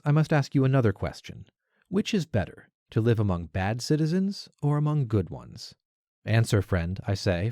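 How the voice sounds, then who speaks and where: A man's voice: lowish voice, mellow, dry recording, clean studio sound. A man giving a dramatic reading of a philosophical dialogue, arguing in a rhetorical, questioning way that rises on key words. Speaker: reader of a classical text.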